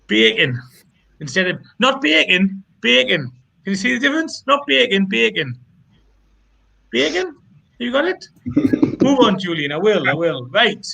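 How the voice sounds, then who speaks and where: A man's voice: high voice, very animated, normal speed, gravelly, bright, forceful tone, husky. A man with a Geordie accent hosting a pun contest, chatty and teasing, with self-mocking banter. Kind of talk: casual banter.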